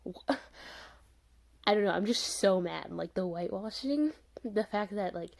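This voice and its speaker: Young woman, casual rant-review vlogger, exasperated and rambling, mellow tone. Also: mid-range voice, animated, unhurried, creaky. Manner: exasperated, rambling with fillers and laughs.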